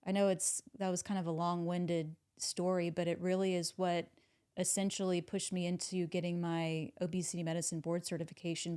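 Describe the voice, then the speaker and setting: Female doctor-host, smooth low voice, measured and conversational. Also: a little mellow. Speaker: physician and podcast host. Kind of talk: casual podcast conversation.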